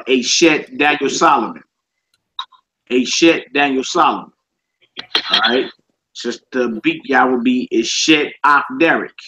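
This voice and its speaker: A man teaching a class, reading from a book and explaining slowly, repeating each word and often asking "all right?". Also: medium pitch, bright, forceful tone. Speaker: Hebrew teacher. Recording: muffled lo-fi class recording with faint noise.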